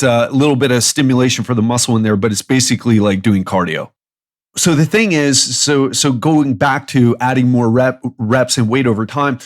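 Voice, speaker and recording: A man hosting a fitness podcast alone, a coach who talks bluntly and emphatically in quick bursts. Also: mid-range voice. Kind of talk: solo podcast monologue.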